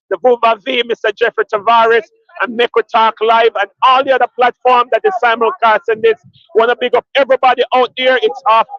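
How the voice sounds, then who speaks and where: A man's voice: very high voice, vocal fry, dry recording, highs cut off. A man with a Jamaican accent hosting a live stream from an outdoor street protest, rallying viewers and the crowd. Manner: rallying, repetitive, hypes the crowd. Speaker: livestream host at a protest.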